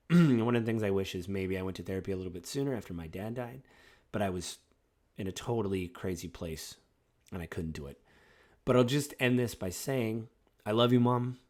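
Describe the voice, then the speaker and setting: A man in his forties talks through a personal podcast episode on his own. His voice sits a little low, and he rambles in a reflective way, pausing on fillers as he goes. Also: a little mellow. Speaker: podcast host.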